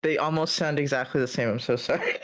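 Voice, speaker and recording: An American guest streamer in casual live-stream chat, laughing often and quick to apologize. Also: mid-range voice, steady tone, fairly bright tone.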